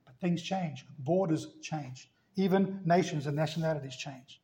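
A man's voice: a little high, moderate pace, dark tone. A middle-aged man with a South African accent preaching a sermon, telling stories and asking rhetorical questions. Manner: storytelling, asks rhetorical questions. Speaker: pastor. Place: church sanctuary. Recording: roomy church echo.

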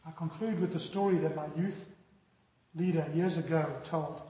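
A man preaching a sermon, telling the story dramatically and dropping from loud to hushed. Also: on the high side, fairly even intonation, normal speed. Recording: echoey hall with long reverb.

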